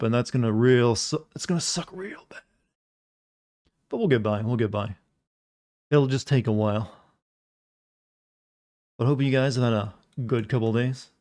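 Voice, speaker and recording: A man's voice: medium pitch, a little mellow. Sleepy, drawling male streamer. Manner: sleepy, drawling, greets chat. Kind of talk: casual live-stream chat with viewers.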